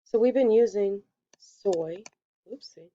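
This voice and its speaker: A woman teaching a Spanish lesson, explaining step by step in a patient way and quickly correcting her own slips. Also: medium pitch, dark tone, muffled recording, a little hiss or hum. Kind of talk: recorded classroom lesson.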